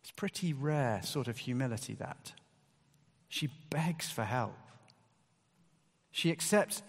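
Male preacher, conversational sermon, mid pitch, emphatic stresses, long hall reverb. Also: animated, slow, gravelly, pauses often, slightly rough.

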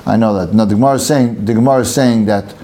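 A man leading a casual Talmud study session. He reads the Aramaic text aloud and explains it in English, acting out the case with lively back-and-forth. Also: fairly low pitch, racing, a little hiss or hum.

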